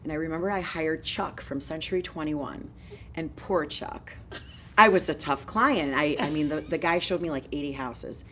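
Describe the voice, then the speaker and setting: A low-pitched woman in her forties runs her own real estate company and tells her story in an interview. She is energetic and moves quickly from one thread to the next. A faint hum sits in the background. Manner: energetic, fast-moving storyteller.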